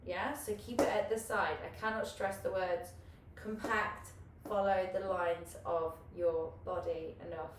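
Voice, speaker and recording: Chatty woman coaching hoop, echoey room. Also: mid-range voice. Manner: chatty, encouraging, swears casually, laughs often. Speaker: hula hoop teacher. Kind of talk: live online class coaching. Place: home room, online class. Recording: echoey room, far from the mic, faint hiss.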